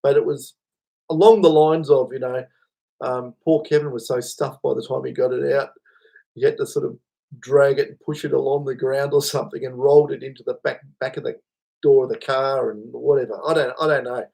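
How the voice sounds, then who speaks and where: A man's voice: mid-range voice, steady tone, fairly quick, vocal fry, dark tone. A man hosting a casual livestream, rambling, chuckling and answering chat comments. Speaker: livestream host.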